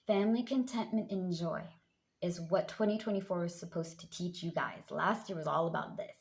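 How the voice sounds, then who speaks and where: A woman's voice: normal speed, vocal fry. Chatty woman giving a hype tarot reading. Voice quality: a bit deep from just waking up. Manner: lively, hypes viewers up with pet names. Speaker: tarot card reader. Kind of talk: casual tarot reading monologue.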